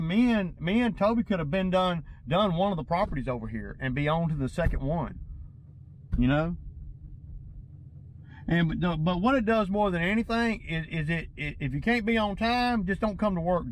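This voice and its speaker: A man with a rather high voice rants to his viewers from his work truck. He sounds agitated and rambles, stumbling over and repeating words as he goes. Faint outdoor ambience sits under him. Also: animated, moderate pace, slight background noise, poor audio. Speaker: lawn care business owner. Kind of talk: casual vlog rant to viewers.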